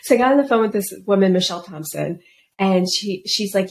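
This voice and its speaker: Brief: middle-aged woman coach, lively storyteller, mimics quoted voices, faint hiss behind. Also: medium pitch, fairly quick, gravelly. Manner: animated, acts out quoted voices. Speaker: guest, business coach. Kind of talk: casual podcast storytelling.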